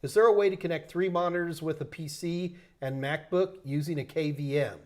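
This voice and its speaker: Man, New York accent, fairly high voice, loose joking live Q&A host. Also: steady tone, brisk, a little mellow. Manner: loose, joking, thinks aloud with restarts. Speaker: host answering tech questions. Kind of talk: live Q&A stream.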